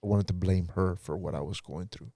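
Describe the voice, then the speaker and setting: On a podcast, a pastor earnestly tells his life story as a personal testimony in casual talk, acting out past conversations. His voice is low-pitched and warm, he speaks briskly, and the studio sound is clean with no room sound.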